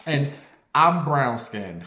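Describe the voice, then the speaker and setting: A man's voice: medium pitch, drawn-out words, roomy sound. A man delivering a sassy, profane gossip rant in a casual online video. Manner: sassy, brash and profane, animated. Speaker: online commentator.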